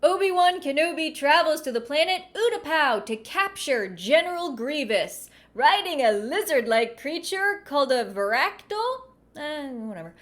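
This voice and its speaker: A woman reading a children's book aloud and breaking off for wry, chatty asides. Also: high voice. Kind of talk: casual reading with commentary.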